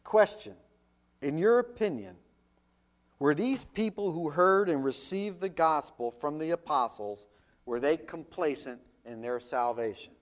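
A man preaching a sermon as pastor, reading scripture and asking rhetorical questions, with loud emphatic swells and hushed drops. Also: fairly high pitch, lively intonation, unhurried.

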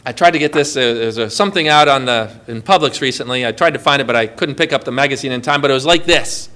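A man preaching a sermon, lively and emphatic, asking the congregation questions. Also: mid-range voice, fast.

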